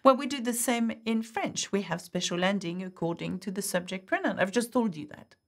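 A woman's voice: medium pitch, a little fast. A woman teaching a French grammar lesson, patiently explaining step by step and often checking in with "okay?". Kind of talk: online language lesson.

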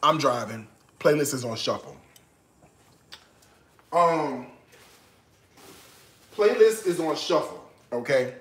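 A man's voice: on the high side, very animated, slow, pauses often, fairly bright tone, reverberant. A man hosting his own cooking vlog from his home kitchen, chatting in a playful, sassy way and breaking into song now and then. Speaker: cooking show host. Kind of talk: casual cooking vlog chat.

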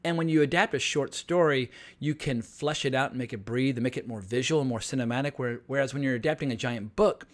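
An excited man delivers a casual film review straight to camera, gushing with enthusiasm. He talks loosely and conversationally, with fillers, and sounds like a fan sharing favorites. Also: mid-range voice, fast talker, few pauses. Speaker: film reviewer and channel host.

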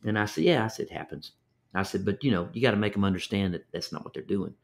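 In a storytelling interview, an older fishing guide from Texas talks quickly with a Texan accent, his lowish voice expressive and touched by vocal fry. His manner is folksy; he repeats himself often and imitates the voices of those he quotes.

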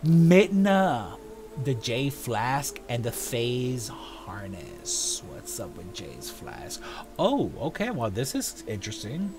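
A man hosting a casual show, chatting playfully as he reviews event items, with quick asides. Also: medium pitch, huge pitch swings, music in the background. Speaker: show host.

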